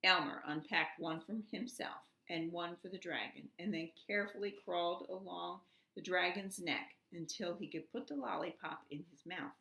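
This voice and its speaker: A preschool teacher reading a storybook aloud to children, slow and expressive. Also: female voice, lowish voice, vocal fry. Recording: echoey room.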